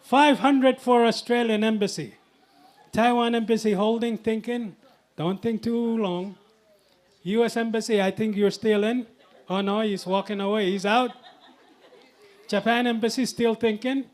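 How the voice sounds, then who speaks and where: A man with a high voice calls bids at a live charity auction and speaks slowly, drawing out each number. He teases the bidders in a jovial way while speaking into a handheld microphone. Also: steady tone.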